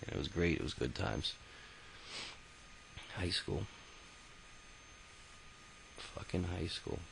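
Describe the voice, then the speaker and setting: A man with a very low, gravelly voice tells his own life story like a loose, unscripted chat. He rambles, curses casually, and keeps stumbling over fillers and restarts. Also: expressive, unhurried, background noise. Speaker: autobiography narrator. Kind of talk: casual spoken memoir.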